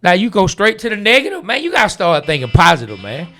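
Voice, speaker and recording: A man's voice: sits high, huge pitch swings, quick pace, sharp tone, soft background music. Laid-back podcast host, man. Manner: laid-back, keeps tagging sentences with "man". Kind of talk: casual sports podcast chat.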